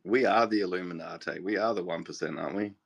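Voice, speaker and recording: A man making dry, deadpan quips in casual live stream banter. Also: sits low, fast, gravelly, breathy edge.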